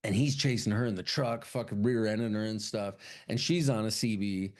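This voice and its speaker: A man co-hosting a podcast, retelling a film in casual, profane chat and jumping into quick high voices for its characters. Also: darkish tone. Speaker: podcast co-host.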